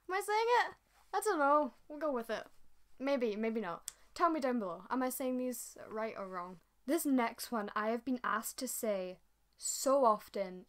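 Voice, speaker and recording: A young Scottish woman chatting in a casual vlog and slowly repeating tongue-twister phrases. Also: a little high. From Scotland. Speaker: YouTuber.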